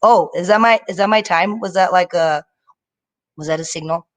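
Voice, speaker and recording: A young woman performing a stand-up set over a live video stream, telling stories in an animated way and slipping into mocking voices. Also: on the low side, normal speed. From Indian family. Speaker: stand-up comedian.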